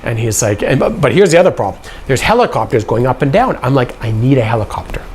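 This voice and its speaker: A man with a gravelly voice telling a personal story casually, acting out the dialogue as he goes. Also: medium pitch, quick pace, a little hiss or hum. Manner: animated, acts out quoted dialogue.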